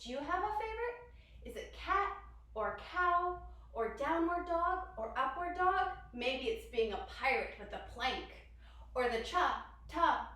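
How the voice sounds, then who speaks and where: A woman's voice: sits high, very animated, a little slow, pushed and bright. A woman leading a children's yoga lesson in a playful, sing-song way, coaxing the kids with questions. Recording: echoey room, distant mic.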